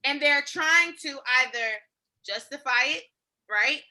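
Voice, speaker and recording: A woman's voice: high-pitched, unhurried. A woman co-hosting a podcast in casual, slangy chat, often acting out what others said. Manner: animated, slangy, acts out quotes. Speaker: podcast co-host.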